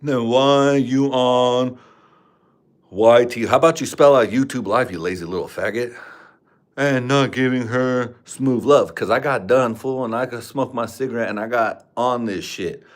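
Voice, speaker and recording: Guy ranting crude trash talk on his home stream, rambling, average pitch, desk mic. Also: normal speed. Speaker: livestream host. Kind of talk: crude casual livestream chat. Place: room at home. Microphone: desk microphone.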